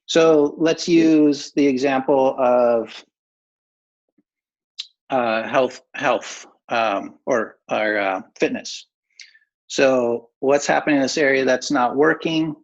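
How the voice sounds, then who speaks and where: A man's voice: mid-range voice, fairly even intonation, slow. A man coaching an online workshop in a casual, upbeat way, with many filler words, over a video call. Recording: muffled lo-fi video call audio.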